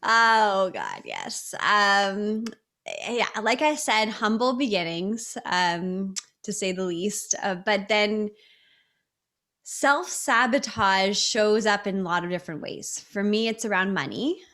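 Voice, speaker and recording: A woman's voice: mid-range voice, very animated, slow, a bit bright. A woman in her thirties, an interview guest, talking over a video call in an earnest, reflective storytelling way. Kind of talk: casual interview talk.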